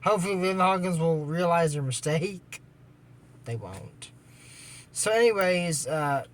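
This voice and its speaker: High-voiced man rambling through a recap. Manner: rambling, with many fillers and restarts; sarcastic asides. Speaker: anime episode reviewer. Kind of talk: casual episode recap.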